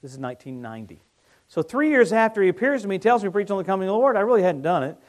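Excitable man preaching a sermon. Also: sits high, very fast. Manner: storytelling, swings from hushed to excited shouting.

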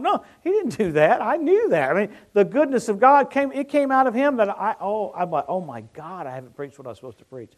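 A middle-aged man preaching a sermon, telling stories that swing from hushed tones to excited shouting. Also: high voice, a little fast.

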